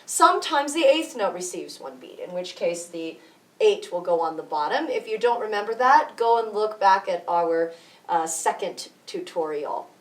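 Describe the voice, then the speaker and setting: A woman music teacher explaining rhythm slowly and patiently, counting beats out loud. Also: mid-range voice, lively intonation, distant mic. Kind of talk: rhythm tutorial with counting aloud. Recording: echoey room, voice from off mic.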